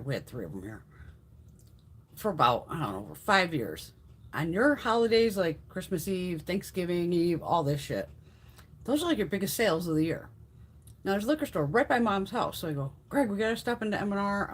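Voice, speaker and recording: A woman's voice: fairly low pitch, breathy edge. A woman in her fifties hosting a casual live stream, chatting and telling rambling stories, swearing freely. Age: 50s. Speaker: beauty live-stream host.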